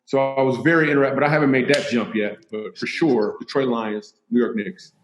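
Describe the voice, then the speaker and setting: A man's voice: medium pitch, fairly quick, slight background noise. A man telling comic stories in a casual chat as a guest, animating them with put-on voices. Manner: animated, acts out other voices. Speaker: comedian guest. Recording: echoey room.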